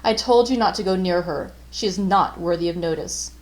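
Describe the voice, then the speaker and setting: A woman's voice: lowish voice, normal speed, a little mellow, lightly acted, rough recording. A woman reading aloud, voicing a stern, cold middle-aged aunt who scolds sharply and dismissively. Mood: scolding.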